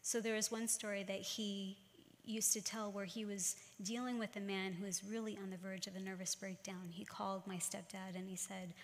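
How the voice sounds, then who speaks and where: A middle-aged woman giving a church talk, telling stories in a measured, earnest way. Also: mid-range voice, little pitch movement, a little hiss or hum. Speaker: church speaker. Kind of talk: sermon-style talk. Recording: long church-hall reverb.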